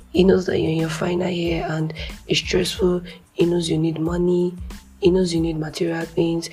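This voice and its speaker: Young woman from Nigeria, low gravelly husky voice, earnest conversational devotional talk over faint music. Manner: earnest, conversational, soft with whispered asides. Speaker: Christian speaker.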